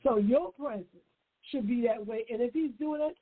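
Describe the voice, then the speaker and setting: A woman's voice: on the high side, normal speed, breathy edge. A woman hosting a relationship advice show. She talks straight to her listeners in an emphatic, preachy way and repeats her key points. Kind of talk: direct-address advice talk. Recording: tinny phone-like line.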